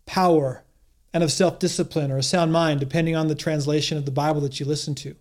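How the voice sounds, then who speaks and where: A man with a notably high voice delivers a sermon. He speaks earnestly and encouragingly, restarting phrases as he gathers his thoughts. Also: steady tone, fast, darkish tone. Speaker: pastor.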